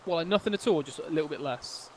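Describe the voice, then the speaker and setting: A man on game voice chat with a headset mic, quick, teasing and pushy with his teammates. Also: on the high side, a little mellow, a little hiss or hum. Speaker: gamer.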